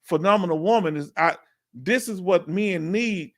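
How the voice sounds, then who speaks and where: A man hosting a live stream, chatting casually and asking viewers questions with drawn-out emphasis. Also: sits high.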